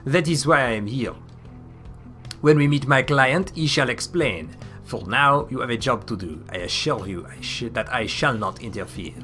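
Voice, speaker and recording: A man's voice: mid-range voice, expressive, sharp tone, faint music behind. Man doing a mysterious minstrel with a French accent. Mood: calm courteous. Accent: put-on French. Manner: courteous, measured, old-fashioned speech. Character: mysterious formal male wandering minstrel.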